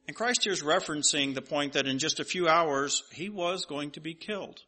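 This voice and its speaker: A man's voice: fairly high pitch, a little fast, few pauses, bright, forceful tone. A man preaching a sermon and reading scripture aloud, emphatic and asking rhetorical questions at an uneven pace.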